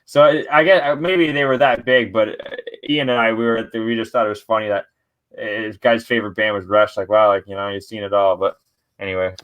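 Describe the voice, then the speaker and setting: A Canadian man hosts a podcast, chatting casually in a laid-back way, swearing a lot and laughing often. His voice is lowish, a bit bright, clear and resonant, with fairly even intonation and a fairly quick pace. The recording has a lo-fi sound.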